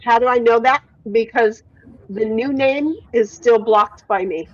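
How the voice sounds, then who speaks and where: Woman host, casual stream chatter, higher voice, dry lo-fi mic, reads chat, swears. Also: measured pace, a little hiss or hum. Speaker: livestream host. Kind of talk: casual chat reading viewer comments.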